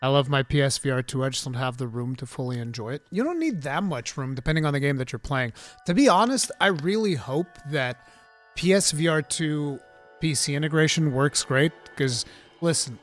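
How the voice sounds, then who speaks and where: A man hosting a live gaming talk stream, reading chat questions and chatting casually in an animated, rambling way. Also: a little high, normal speed, faint music behind. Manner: animated, excitable, rambling with restarts.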